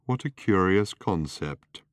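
Male reader's worn-out gloomy robot: deep, slow, hollow and groaning, dry booth sound. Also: lively intonation, clean tone, dry recording. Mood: mournful. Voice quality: hollow rattle. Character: ancient gloomy male robot, rusty, self-pitying.

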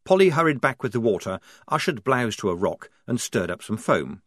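Expressive male audiobook narrator. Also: medium pitch, no echo, studio quality. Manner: measured, expressive. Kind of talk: scripted narration.

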